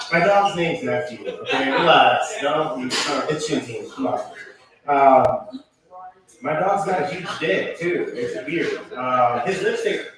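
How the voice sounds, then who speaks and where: A man doing a rambling, profane open mic stand-up set, full of ums and asides. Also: medium pitch. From Connecticut, USA. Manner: loose rambling delivery with many ums and profanity. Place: small venue with live crowd. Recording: echoey room, far from mic, crowd noise.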